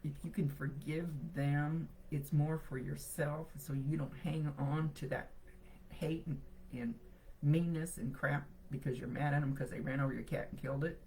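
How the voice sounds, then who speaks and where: A woman's voice: deep voice, steady tone, normal speed, vocal fry, darkish tone, slight background noise, rough recording. A woman psychic medium giving a live reading to viewers, chatty and reassuring as she relays messages.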